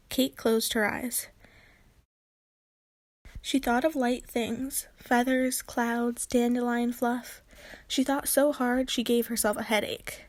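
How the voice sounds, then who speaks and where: A woman reads a children's book aloud with clear, expressive storytelling. Her voice sits fairly high. The recording is dry and close. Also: slow pace, dry recording. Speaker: narrator.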